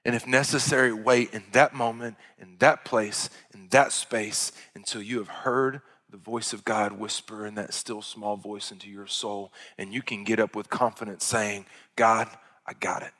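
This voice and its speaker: A male pastor preaching a sermon, rising to loud, high-pitched exhortation and dropping to hushed, quiet passages. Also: fairly even intonation, normal speed, few pauses. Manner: impassioned preaching that swells loud and high, then drops to hushed tones. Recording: long hall reverb.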